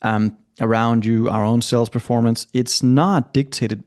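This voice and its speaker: A middle-aged man, a coach and guest, telling stories in an animated way and acting out the people he quotes. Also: mid-range voice, a little slow. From Scandinavia. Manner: lively, acts out quoted voices. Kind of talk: animated storytelling.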